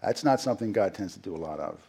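A man's voice: sits low, expressive, quick pace, vocal fry, mellow, breathy edge. A middle-aged man preaching a sermon in a conversational way, asking the congregation questions and acting out quotes. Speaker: pastor.

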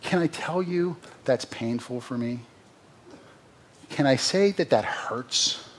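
A man's voice: medium pitch, lively intonation, slow pace, a little hiss or hum. A man preaching a sermon as pastor, earnest, with sarcastic asides and emphatic rises.

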